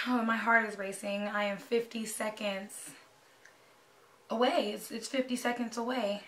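A young woman, talking anxiously and excitedly to her camera in a casual vlog. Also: a little high, a little fast, slight background noise. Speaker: vlogger. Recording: echoey room, voice a bit far from mic.

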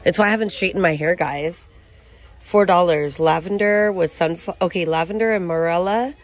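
Inside a big retail store, a woman vlogging her shopping trip reads aloud price tags and product labels in a relaxed, chatty way. She speaks at a normal speed in a lowish voice, and there's no echo.

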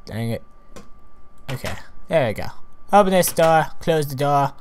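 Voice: medium pitch, lively intonation, a little slow, a little mellow. A gamer giving casual, rambling commentary while playing, chatting to the animals and mobs along the way. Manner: chatty, fumbling restarts.

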